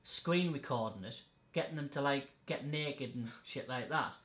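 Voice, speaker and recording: A man's voice: medium pitch, normal speed, a bit bright. A man hosting a podcast, telling stories in a blunt, sweary, casual way. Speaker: podcast host. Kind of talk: casual chat. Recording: echoey room.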